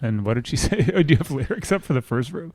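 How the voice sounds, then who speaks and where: A man's voice: medium pitch, expressive, fast, a little mellow, no echo, clean studio sound. A man co-hosting a podcast, chatting casually, joking around and cueing the engineer. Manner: jokey, laughs often, cues the engineer. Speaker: podcast co-host. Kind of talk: casual chat reacting to theme songs.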